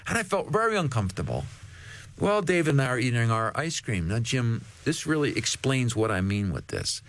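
A man, a guest author on a faith talk show, telling a story in an animated way. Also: medium pitch, normal speed, no echo.

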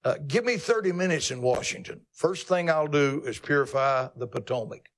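Preaching at a moderate pace, this male pastor teases and emphasizes in a folksy way, his pitch leaping upward to stress points.

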